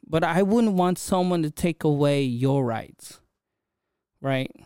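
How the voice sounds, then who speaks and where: A man hosting a podcast, telling a story in a casual, animated way and often checking in with his listener. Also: on the high side, takes it slowly, clean tone, dry recording, studio quality. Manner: animated, chatty, frequent "right?" check-ins. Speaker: podcast host.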